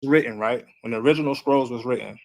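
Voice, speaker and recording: A man on a call-in stream who talks quickly, stumbles over his words, restarts his sentences and pushes back at the host. His voice sits at a middle pitch. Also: vocal fry, a little mellow, poor audio. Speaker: caller asking questions on a live stream. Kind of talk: call-in debate.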